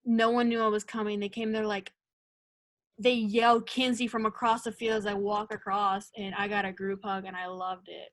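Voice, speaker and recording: A woman's voice: medium pitch, moderate pace, no echo. A young woman, a college soccer player, telling stories in a casual interview and acting out the lines she quotes. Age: young adult. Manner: animated storytelling, acts out quoted lines.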